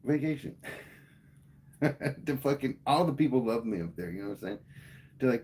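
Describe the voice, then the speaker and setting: A man's voice: mid-range voice, expressive, normal speed, pauses often, a little mellow, slight background noise. A man livestreaming, telling a heated, profane story to his chat in casual speech. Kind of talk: casual rant to live chat.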